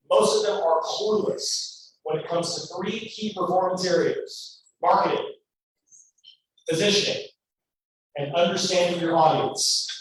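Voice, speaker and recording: A man from Louisiana giving a motivational storytelling speech, animated and acting out every character in his story. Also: sits high. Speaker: guest speaker. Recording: echoey hall, mic far off, faint noise.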